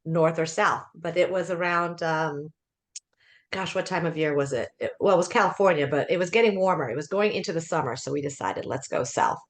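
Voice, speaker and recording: A woman's voice: sits low, brisk. Chatty woman in her fifties. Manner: chatty, laughs often, restarts sentences. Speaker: guest, life coach. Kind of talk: conversational interview storytelling.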